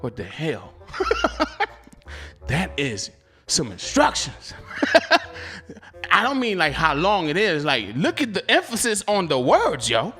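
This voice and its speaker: A man's voice: on the high side, huge pitch swings, slow, long pauses, sharp tone, faint music behind. A man hosting a delivery-driver channel, talking casually with viewers, laughing often in slangy banter.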